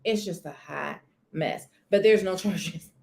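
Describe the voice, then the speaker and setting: A woman's voice: on the low side, slow, vocal fry. Chatty woman hosting a live stream. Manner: chatty, expressive, greets chat viewers by name. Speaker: livestream host. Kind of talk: casual live-stream gossip chat. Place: corner of a room at home near a sunny window.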